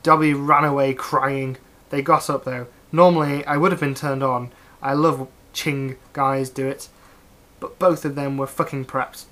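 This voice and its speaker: A reader works through the text aloud in a mock-serious comedic reading. The delivery stays dry and straight-faced, broken up by wry asides. The voice sits at a middling pitch. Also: steady tone, measured pace, a bit bright. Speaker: reader of fan fiction.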